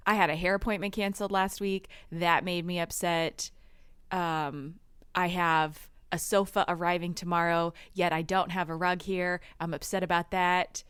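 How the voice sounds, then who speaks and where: A woman's voice: on the low side, flat delivery, normal speed, a bit bright, clean tone, no echo, clean studio sound. A woman in her thirties co-hosting a podcast in casual chat, giggly and rambling as she tells stories. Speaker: podcast co-host.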